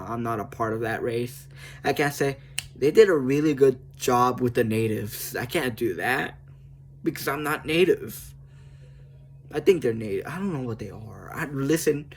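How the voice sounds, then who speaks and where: A man talks loosely into the camera for his video, wandering from thought to thought. He laughs often and pokes fun at himself as he goes, in a voice of ordinary middle pitch with a faint hum behind it. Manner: rambling, laughing often, self-mocking. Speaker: video creator. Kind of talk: casual chat about a video game.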